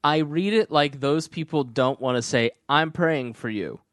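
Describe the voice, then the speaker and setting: A male podcast co-host ranting sarcastically in a casual, animated chat. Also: on the high side, measured pace, clear, resonant tone, no echo, clean studio sound.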